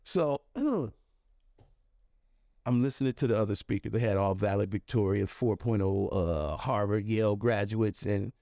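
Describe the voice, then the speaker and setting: A man telling a personal story as a podcast guest, animated and conversational, with plenty of "you know" and "right", close on a podcast microphone. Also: measured pace, gravelly, no echo. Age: adult. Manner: animated, acts out quoted voices with sharp pitch jumps.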